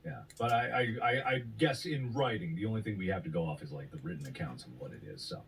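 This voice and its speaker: A man co-hosting a casual podcast, playful and jokey, tossing in quick reactions and silly voices. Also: low voice, lively intonation, vocal fry, distant mic, a little hiss or hum. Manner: jokey, playful, many short backchannels. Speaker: co-host.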